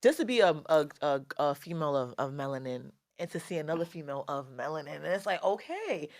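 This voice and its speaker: A woman's voice: low-pitched, very animated, fast talker, a little mellow, dry recording, clean studio sound. A young woman from the Bronx with a New York accent, a rapper chatting animatedly in an interview, slangy and swearing freely. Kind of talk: casual interview talk.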